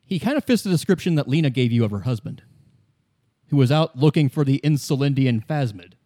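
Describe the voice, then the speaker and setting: A man narrating a tabletop role-playing game as game master, in a relaxed, descriptive way. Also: medium pitch, brisk, no echo, studio quality. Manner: relaxed, descriptive, occasional restarts.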